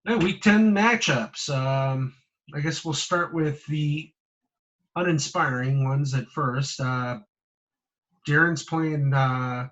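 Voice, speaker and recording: A man co-hosting a casual fantasy football podcast, hesitating and filling pauses with ums and uhs. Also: fairly high pitch, a bit bright, lo-fi sound. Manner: hesitant, filler-heavy, trailing off. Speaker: podcast co-host.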